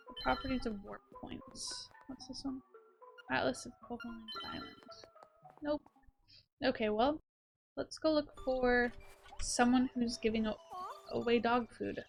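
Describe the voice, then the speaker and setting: A woman with a fairly high voice talks through a video game with casual, playful commentary. She reads on-screen text aloud between quips, with faint game music underneath. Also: animated, measured pace, gravelly, pauses often. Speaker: let's play host.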